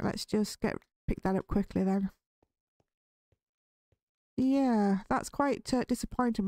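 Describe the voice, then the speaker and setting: A woman's voice: on the high side, a little mellow, no echo. Gaming host, female, easygoing let's-play patter, jumpy in scary moments, dry close sound. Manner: chatty, easily spooked, nervous laughs. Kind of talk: relaxed Minecraft let's play commentary.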